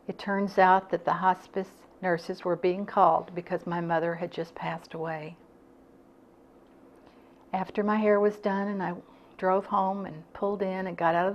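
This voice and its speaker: Her voice sits lowish and the sound is lo-fi as this older woman tells personal stories to a club audience. She is earnest throughout and performs the quoted lines of the people she describes.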